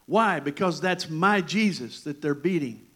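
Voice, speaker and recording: A man's voice: on the high side, expressive, unhurried, fairly bright tone. A man preaching a sermon as pastor, telling stories and calling people up front from the congregation. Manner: storytelling, interactive with congregation.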